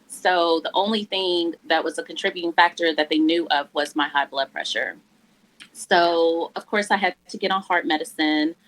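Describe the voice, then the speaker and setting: A woman in her forties telling her own story as a guest, earnest and halting, her voice catching with emotion. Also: on the low side, fairly bright tone, poor audio. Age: 40s. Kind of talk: candid personal story in a church interview.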